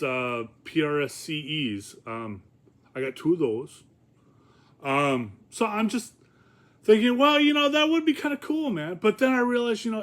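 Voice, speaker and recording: A man's voice: fairly high pitch, fairly bright tone. A man talking casually in a rambling, profane vlog, with many fillers and chuckles. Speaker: vlogger.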